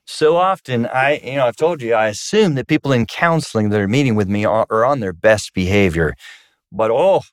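A man's voice: expressive, fairly quick, smooth, dry recording, studio quality. A man, a pastor and marriage counselor, chatting casually and telling stories, acting out voices now and then. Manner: storytelling, acts out voices with sudden high pitch jumps. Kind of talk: casual podcast chat with his wife.

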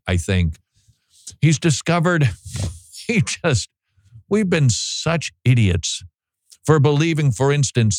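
A man hosting a talk show, giving sarcastic, animated commentary. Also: lowish voice, no room sound. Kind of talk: opinionated commentary.

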